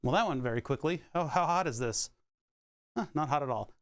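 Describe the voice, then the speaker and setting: A man's voice: on the high side, animated, brisk. Joking man chatting while he works. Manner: joking, sarcastic, chuckles often. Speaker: streamer doing printer repairs. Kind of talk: casual livestream chat while working. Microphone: headset or desk mic.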